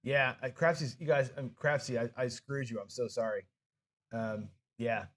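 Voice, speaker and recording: A man hosts a live craps stream, chatting casually in a mid-range, slightly bright voice at normal speed. He's frustrated and self-deprecating, swearing and scolding himself over his own mistakes.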